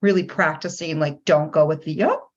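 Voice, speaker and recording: A woman's voice: low voice, normal speed, a little hiss or hum. A woman hosting a podcast, chatty with lots of fillers as she asks questions. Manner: chatty, many fillers, quotes voices in stories. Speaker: podcast host. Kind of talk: podcast interview. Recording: slightly dull lo-fi sound.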